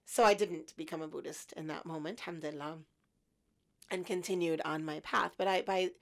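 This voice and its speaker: A woman in her fifties, a podcast guest, telling her story in an animated, self-mocking way. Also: sits low, fairly quick, creaky.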